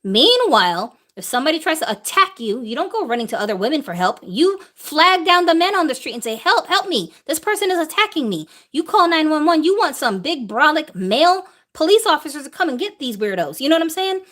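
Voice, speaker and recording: A woman's voice: sits high, very animated, a little fast, few pauses, a bit bright. Emphatic woman livestream host. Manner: emphatic, full of rhetorical questions. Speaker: host answering viewer questions. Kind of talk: live-stream opinion talk.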